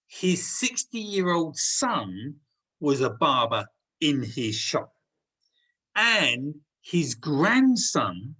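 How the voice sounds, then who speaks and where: Bright-toned man hosting. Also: a little high, husky, poor audio. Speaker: meeting host. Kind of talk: motivational storytelling.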